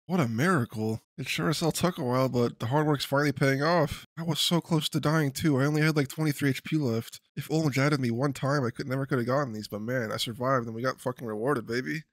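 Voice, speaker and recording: A young man doing a casual voice-over commentary on his game progress, excitable and swearing when hyped. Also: mid-range voice, brisk, no room sound, soft background music. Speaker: gaming video creator.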